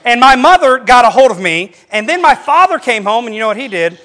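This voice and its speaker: With a very high voice and a brisk pace, this middle-aged male pastor tells stories in his sermon. He delivers them with animation, and his voice climbs whenever he quotes someone.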